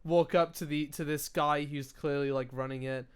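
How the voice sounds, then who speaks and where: A man's voice: a little high, steady tone, normal speed, smooth. A young man co-hosting a podcast in casual chat, rambling, swearing and laughing at his own slips. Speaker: podcast co-host.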